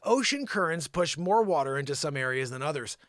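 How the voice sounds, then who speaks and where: Guy doing improv news bits, pitch all over the place, bright edgy voice, yells then mumbles. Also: expressive, brisk, no echo, clean studio sound. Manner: yells at an unseen listener, swinging from shouts to mutters. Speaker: comedy show host. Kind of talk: improvised comedy news rant.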